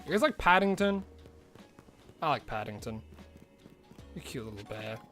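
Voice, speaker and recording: A man's voice: medium pitch, sing-song, moderate pace, a bit bright, faint music behind. A man streaming a video game in casual live-stream chat, rambling and exclaiming to himself as he plays.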